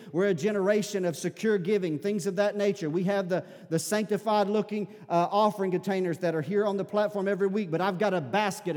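A man preaching a sermon as pastor in a church, building to shouted fervor. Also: high voice. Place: church sanctuary. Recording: long hall reverb.

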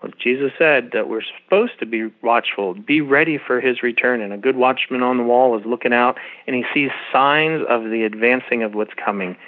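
A middle-aged man talks earnestly and at length, with a preacherly, explanatory manner. His voice comes through a tinny phone line with a thin, narrow sound. Mid pitch. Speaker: guest. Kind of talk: interview guest on a phone line.

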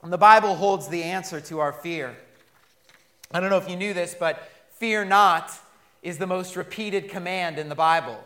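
A man in his thirties preaches a sermon with a high voice. His tone is bright, and he tells his stories with humor and lively energy. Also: moderate pace. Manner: animated storytelling with humor. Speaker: pastor.

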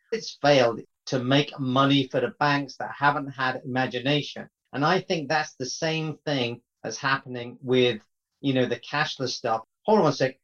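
A man's voice: mid-range voice, fairly bright tone. A man in a podcast discussion, arguing his points and tagging them with questions. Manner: tag questions, argumentative, ends points with "right?". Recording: dull lo-fi audio.

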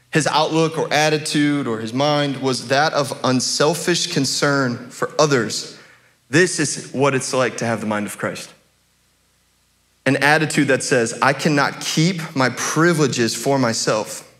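A man's voice: medium pitch, a bit bright. A young adult male pastor preaching a sermon in a church, conversational and chuckling, with many fillers and restarts. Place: church sanctuary.

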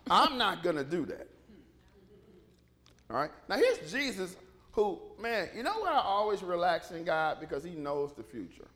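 A male pastor preaching a sermon in a fairly high voice with lively rises and falls. He tells the story with animation, often repeating words and restarting his sentences. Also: normal speed.

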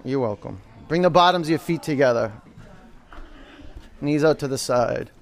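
A man's voice: medium pitch, moderate pace, creaky. A man leading a live yoga class, calling out poses, counting down holds and teasing and joking with his students in a studio. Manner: coaching, counts aloud, jokes and teases the class. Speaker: yoga instructor.

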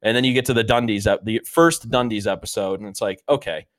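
A man's voice: lowish voice, fairly even intonation, quick pace, fairly bright tone. A man in casual chat, rambling through favorite TV episodes and acting out the characters' lines, with lots of fillers. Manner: rambling storyteller, acts out quotes, many fillers. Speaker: podcast co-host.

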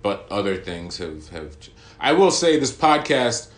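A man's voice: fairly low pitch, very animated, a little slow. A man co-hosting a podcast in casual chat, easygoing and reflective, often restarting his sentences. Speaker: podcast co-host. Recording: echoey room.

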